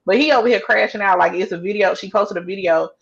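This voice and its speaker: A blunt woman co-hosts a podcast, telling stories with plenty of profanity in a casual chat. Her mid-range voice has vocal fry, she talks fast, and the sound is lo-fi.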